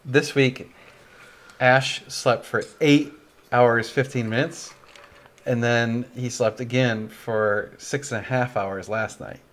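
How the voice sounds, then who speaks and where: A man's voice: medium pitch, fairly even intonation, slow pace, a bit bright. A young man hosting a casual livestream chat, tired and yawning, rambling and laughing often. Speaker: livestream host.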